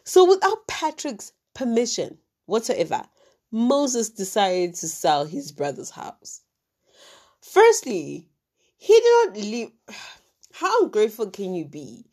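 A woman's voice: on the high side, takes it slowly. Chatty woman telling true crime. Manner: chatty, animated, many fillers and asides. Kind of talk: casual true crime retelling.

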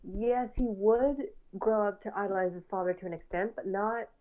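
A woman's voice: medium pitch, normal speed. Woman co-host on a tinny line. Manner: rambling, filler-heavy, opinionated. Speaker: podcast co-host. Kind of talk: casual podcast chat.

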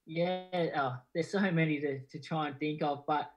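A young Australian man answering podcast questions in a relaxed, halting way, dropping yeahs and ums between thoughts. His voice stays quite flat, and the sound is a bit dull and lo-fi. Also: a little high. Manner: easygoing, many yeahs and ums, flat delivery. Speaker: guest boxer. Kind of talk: casual interview answers.

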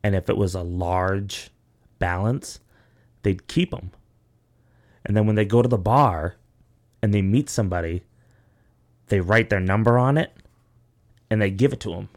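Speaking a little slowly with frequent pauses, a young male podcast host uses a fairly low voice. He tells drawn-out, wandering, foul-mouthed stories in relaxed conversation, leaning heavily on "like" and "you know."

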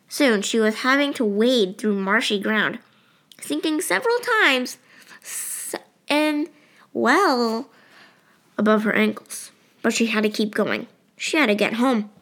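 A woman reads a novel aloud as an audiobook narrator. Her voice is fairly high, and she tells the story in a steady, expressive way. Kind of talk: scripted narration.

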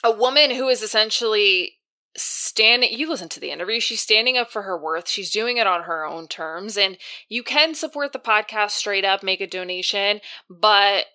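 Bright-voiced chatty woman co-host. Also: mid-range voice, normal speed. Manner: chatty, animated, heavy use of "like". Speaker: podcast co-host. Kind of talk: casual chat.

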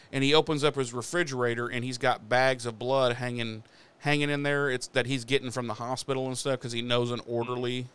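A man hosting a podcast, casually recapping a TV episode as an animated storyteller. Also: medium pitch, clean tone. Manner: animated storyteller who acts out the characters' lines. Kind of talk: casual chat.

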